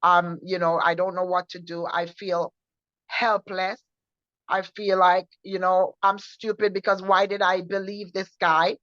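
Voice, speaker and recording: A woman co-hosting a faith show, recounting her personal testimony in an earnest, halting way with many restarts. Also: lowish voice, flat delivery, a bit bright, no echo. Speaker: co-host sharing her testimony. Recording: dull, muffled sound.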